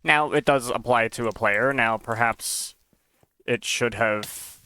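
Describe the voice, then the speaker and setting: A man with a bright, forward tone, chatting casually on a live stream while he tests his game mod. He thinks aloud as he goes, musing and sometimes unsure of what he sees. His pitch sits in an ordinary middle range. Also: slow, slight background noise.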